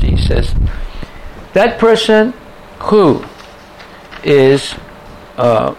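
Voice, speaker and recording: A man's voice: a little high, animated, unhurried, pauses often, slight background noise, poor audio. A man giving a scripture lecture to a class, reciting verses and driving his points home with repeated rhetorical questions. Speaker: spiritual teacher giving a class.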